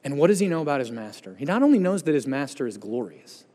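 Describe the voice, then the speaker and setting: A man preaching a sermon as pastor, swinging from loud, emphatic bursts down to hushed endings. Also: a little high, big pitch swings, fast, in a large hall. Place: church sanctuary.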